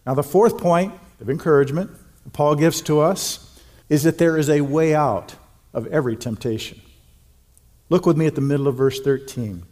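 A middle-aged man preaching a sermon in an earnest, emphatic way, slowing to stress key words. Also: fairly high pitch, a little mellow. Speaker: pastor.

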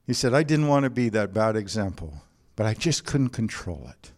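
A man's voice: on the low side, very animated, moderate pace. A man preaching a sermon, telling stories and quoting others, with frequent restarts and "you know" asides. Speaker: pastor.

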